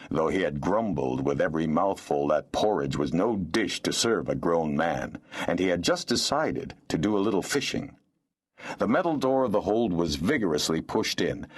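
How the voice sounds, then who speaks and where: A male audiobook narrator with a very low, deep voice. His delivery moves lively up and down as he tells the story. It is scripted, expressive narration.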